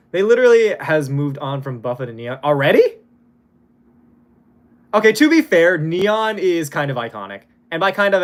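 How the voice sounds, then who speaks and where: A young man from Hawaii talks to his live-stream chat, thanking donors and answering questions in a loose, chatty way. His voice sits a bit high and moves around a lot, with a casual curse dropped here and there. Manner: chatty, lively, swears casually.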